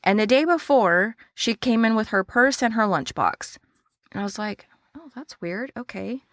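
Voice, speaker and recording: A woman hosting a casual solo podcast, telling a story in a chatty, animated way and acting out the dialogue. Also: fairly high pitch, normal speed, dry recording, clean studio sound. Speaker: podcast host and small business owner.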